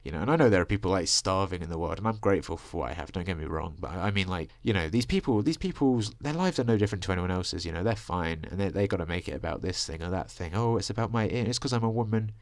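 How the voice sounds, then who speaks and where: A young man talks fast and low in a long profane rant, stringing thoughts together with "like" and "you know." His voice sits deep, and the recording is close and dry with no room sound. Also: lively intonation, no room sound. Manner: ranting, profane, filler-heavy with frequent "like" and "you know". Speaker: vlogger. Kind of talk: rambling personal monologue. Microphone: desk microphone.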